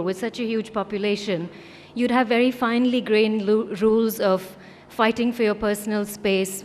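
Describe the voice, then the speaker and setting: A woman from India, once a lawyer, speaks on a conference panel in a wry, anecdotal way. She acts out each quoted exchange as she goes. Her voice sits at a middling pitch and carries a long hall reverb, with faint noise underneath. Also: darkish tone. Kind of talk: storytelling talk on a panel.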